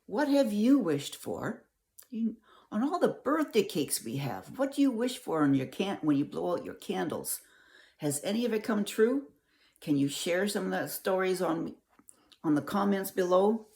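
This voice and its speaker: A woman's voice: medium pitch, sing-song, normal speed, creaky, a little mellow. An older woman reading a picture book aloud to children, coaxing and asking the listener questions. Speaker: storyteller.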